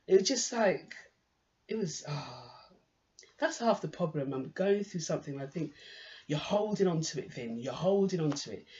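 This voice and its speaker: A woman's voice: low-pitched, a little mellow, dull audio. A woman giving an improvised personal monologue while sitting on a swivel chair, talking in a rambling, candid way full of restarts. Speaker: monologue performer.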